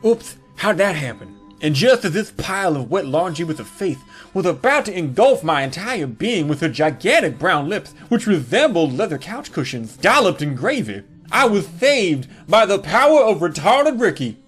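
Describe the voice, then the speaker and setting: A man's voice: sits high, very animated, moderate pace, few pauses, a bit bright, soft background music. A man telling a crude comedic story from his childhood, with a mocking, punchline-driven delivery.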